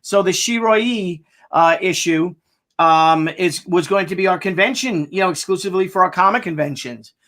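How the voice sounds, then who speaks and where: A man with a high, light voice, from the United States, chatting casually as host of an update about his project. He rambles and jokes, tripping over words and restarting sentences. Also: normal speed, a bit bright. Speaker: comic artist hosting a crowdfunding update. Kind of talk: casual chat.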